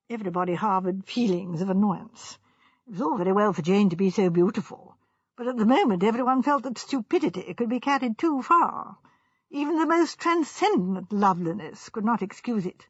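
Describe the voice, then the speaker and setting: A woman reading an audiobook aloud in a measured, expressive manner. Her voice is breathy and fairly high, set in a dry, dull-sounding recording. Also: no room sound. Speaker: audiobook reader. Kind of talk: scripted narration.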